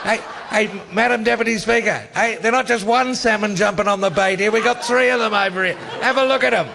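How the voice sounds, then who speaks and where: A man's voice: sits high, fairly quick, gravelly, a crowd in the background, background noise, pitched above the performer's own voice. A man imitating a brash, cocky politician who jeers at his rivals. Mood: jeering. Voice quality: brash, jeering drawl. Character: brash, mocking male politician, cocky and loud.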